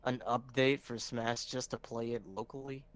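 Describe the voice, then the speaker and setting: Excitable young man chatting about games. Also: medium pitch, moderate pace. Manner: excitable, swears, calls everyone dude. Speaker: stream co-host. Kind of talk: casual gaming chat.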